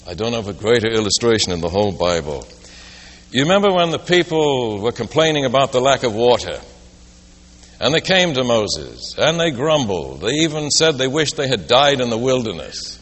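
A man's voice: medium pitch, big pitch swings, normal speed, a bit bright. A man preaching a sermon, telling a story and posing rhetorical questions. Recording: long reverb of a large hall.

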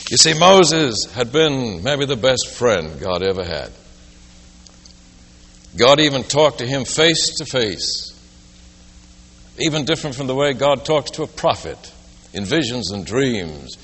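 A man's voice: medium pitch, big pitch swings, slow, fairly bright tone, breathy edge. A man preaching a sermon, telling a story and posing rhetorical questions. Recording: long reverb of a large hall.

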